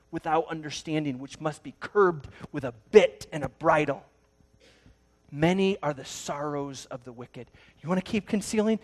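A man preaching a sermon, telling a story dramatically and swinging between loud bursts and hushed moments. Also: a little high. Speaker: pastor.

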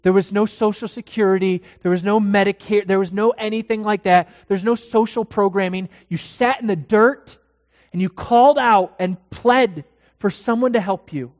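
A pastor delivering a dramatic sermon in a church, swinging from hushed to loud. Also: medium pitch, moderate pace, dry recording, long reverb tail.

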